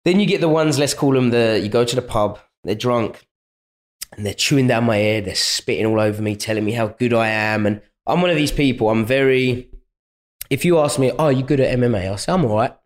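A young man with a London accent, chatting as a fighter guest on a podcast, telling lively anecdotes and acting out what people said to him in a raised voice. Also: brisk. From England. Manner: chatty storyteller, acts out quotes in a higher voice. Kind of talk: casual podcast interview.

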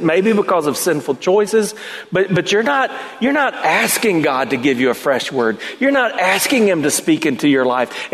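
Pastor preaching in a reverberant church. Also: male voice, fairly high pitch, expressive, unhurried. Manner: storytelling, builds to emphatic peaks. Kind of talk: sermon. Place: church sanctuary.

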